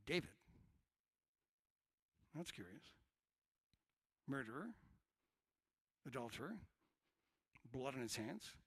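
A middle-aged male pastor preaching a sermon, swinging from hushed asides to shouted lines. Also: medium pitch, breathy edge, no echo.

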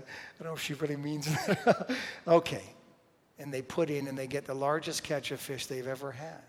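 A male pastor preaching a sermon with dynamic swings from loud declarations to hushed whispers. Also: fairly high pitch, fairly even intonation, moderate pace. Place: church sanctuary. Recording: long reverb of a large hall.

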